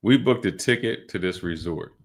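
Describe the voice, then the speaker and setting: Low-voiced man, podcast host, rambling storyteller. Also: lively intonation, gravelly. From United States. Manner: loose storyteller, drawn-out fillers and restarts. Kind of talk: casual podcast chat.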